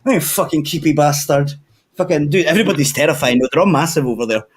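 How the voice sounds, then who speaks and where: A man's voice: fairly high pitch, quick pace. A man with a Scottish accent, telling long sweary stories in a casual chat among friends. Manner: sweary, rambling storyteller.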